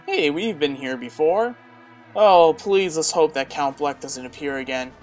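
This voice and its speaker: A woman's voice: deep voice, expressive, measured pace, a little mellow, faint music behind. A woman casually commenting on a game walkthrough in a chatty, wry, self-mocking way. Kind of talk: casual let's-play commentary.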